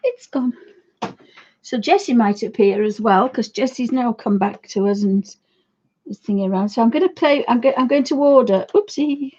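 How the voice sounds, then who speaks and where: A woman in her fifties, hosting an art livestream from her home studio, chatting in a rambling, friendly way with a croaky voice. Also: fairly high pitch, normal speed, mellow, lo-fi sound. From United Kingdom. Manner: chatty, rambling, talks fondly to her dog. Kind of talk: casual chat to viewers and pets.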